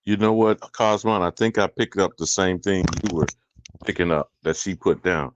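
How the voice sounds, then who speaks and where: Very deep-voiced man co-host. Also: moderate pace, dull audio, background noise. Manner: emphatic, slangy, addresses others directly. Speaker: podcast co-host. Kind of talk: casual group discussion.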